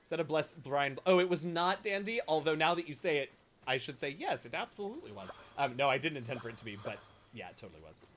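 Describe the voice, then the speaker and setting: Excitable, joking male gaming streamer. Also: on the high side, fast, a little hiss or hum. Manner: excitable, joking, swears and yelps. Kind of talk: casual game commentary. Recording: voice over loud game music.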